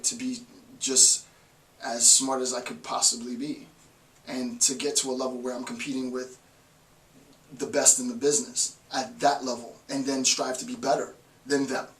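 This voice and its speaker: A man giving an informal philosophy lecture, emphatic and forceful, often checking in with "right?". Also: medium pitch. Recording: echoey room, voice from far off.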